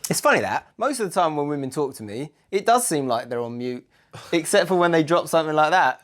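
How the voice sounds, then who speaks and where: Brief: male co-host, lively jokey delivery, voice sitting a touch high. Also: brisk. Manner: animated, jokey, acts out quoted voices, laughs often. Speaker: co-host, relationship coach. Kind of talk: casual podcast chat.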